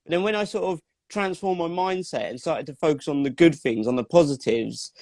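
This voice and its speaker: A man's voice: fairly high pitch, a little fast, darkish tone, dry recording, clean studio sound. A man hosting a casual chat, speaking candidly and personally, with frequent "like" fillers. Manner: candid, personal, uses "like" often. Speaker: host.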